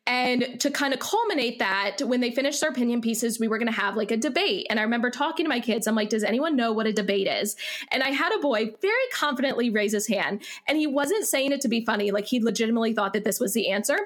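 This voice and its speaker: A young woman teacher tells classroom stories in a relaxed, chatty way. Her voice sits a little high, and she laughs often and fills her talk with casual fillers. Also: fast talker, few pauses. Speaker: elementary school teacher, guest. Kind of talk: casual storytelling interview.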